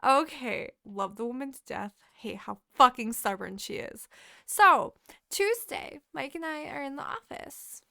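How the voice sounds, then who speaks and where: A woman co-hosting a podcast, telling a story in casual chat, animated and full of swearing. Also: high-pitched, unhurried, creaky, dry recording, clean studio sound. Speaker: podcast co-host.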